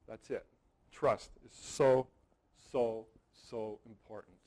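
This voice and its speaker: A man's voice: medium pitch, very animated, a little slow, long pauses, poor audio. Guy in his 40s running a seminar, storyteller, says stuff twice for emphasis, keeps asking okay?. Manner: storytelling, repeats words for emphasis, checks in with "okay?". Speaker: wedding photography seminar presenter. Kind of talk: live seminar talk to an audience.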